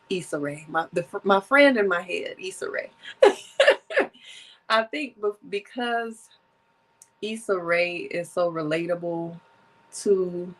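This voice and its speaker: A woman in her thirties with a lowish voice hosts a solo podcast, chatting casually and reading from her notes while her allergies give her a runny nose. The recording is rough.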